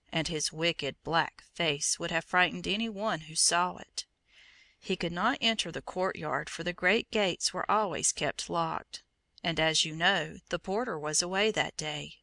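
A woman reading a saint's storybook aloud in a measured, gentle storytelling manner. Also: fairly low pitch, no room sound. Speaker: reader. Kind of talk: storybook narration.

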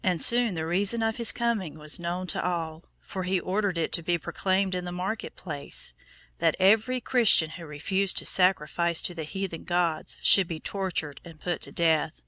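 Brief: woman narrator, low-ish, bright and crisp tone, measured storybook reading. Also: no echo. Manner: measured and solemn.

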